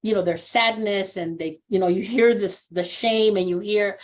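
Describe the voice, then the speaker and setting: A woman in her sixties, a social worker being interviewed, who tells stories animatedly and earnestly, sometimes acting out what people said. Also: normal speed. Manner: animated storyteller who acts out quoted voices with big pitch jumps; earnest and reflective on personal topics. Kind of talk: conversational interview, storytelling.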